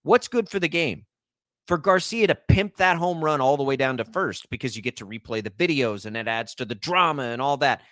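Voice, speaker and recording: Young male sports radio host, emphatic and ranting, lively and somewhat high voice, dry close mic. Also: fairly quick, no echo. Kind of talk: sports talk debate.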